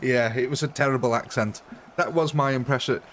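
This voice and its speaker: A man from Britain talks casually over a live game stream, chatty and self-mocking. His voice sits in an ordinary middle pitch. Faint noise hums behind him. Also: fairly even intonation, fairly quick, fairly bright tone. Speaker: gaming streamer.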